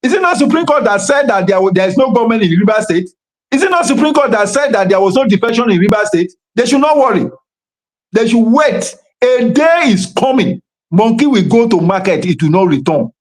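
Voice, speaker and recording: A man with a Nigerian accent, speaking as a guest over a remote audio call, impassioned and full of proverbs and pidgin. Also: high voice. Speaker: guest commentator. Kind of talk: live online political discussion.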